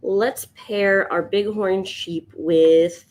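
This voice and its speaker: A woman streaming live as she sketches, chatting to viewers and thinking out loud, yawning now and then. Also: mid-range voice, fairly even intonation, extremely slow. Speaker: livestream sketch artist. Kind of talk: casual livestream chat.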